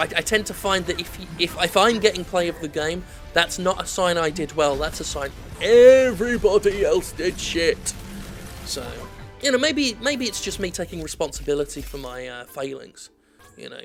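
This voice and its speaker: A gaming video host gives rambling, sweary, self-deprecating commentary over his own gameplay, drifting off on tangents. His voice is fairly high-pitched and a bit bright.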